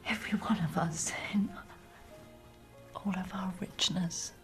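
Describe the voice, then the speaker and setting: An actress playing an earnest 19th-century gentlewoman who speaks in a low, intimate, almost whispered way. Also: steady tone, measured pace, faint music behind, natural voice. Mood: earnest, tender. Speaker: actress in a period drama clip. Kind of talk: period drama acting.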